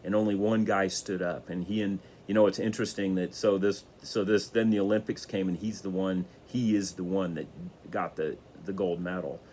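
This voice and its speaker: Low-voiced man, casual talk, rambling, many restarts, faint background hiss. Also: steady tone, normal speed, darkish tone. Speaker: motivational speaker.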